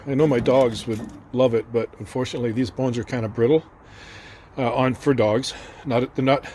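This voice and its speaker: A man's voice: mid-range voice, a little mellow, slight background noise. A man hosting a casual cooking vlog, chatty and rambling with lots of fillers. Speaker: cooking channel host. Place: outdoors at a barbecue.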